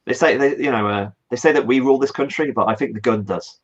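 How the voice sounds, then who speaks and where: A man role-playing a political adviser, earnest and a bit hesitant. His pitch is ordinary. The audio is dull and lo-fi. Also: quick pace. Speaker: player. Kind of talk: in-character tabletop role-play.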